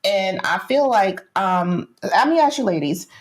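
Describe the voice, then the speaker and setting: A woman's voice: mid-range voice, lively intonation, a little slow. A woman co-hosting a podcast, speaking openly and asking questions in casual chat. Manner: open and questioning. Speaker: podcast co-host.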